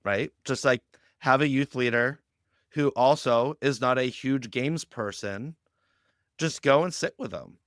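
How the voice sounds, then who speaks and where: A man speaking as a guest on a podcast interview, explaining ideas with lively anecdotes and acting out quoted lines. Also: mid-range voice, measured pace, no echo, clean studio sound. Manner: animated storytelling, acts out quoted lines. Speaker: guest on a youth ministry podcast.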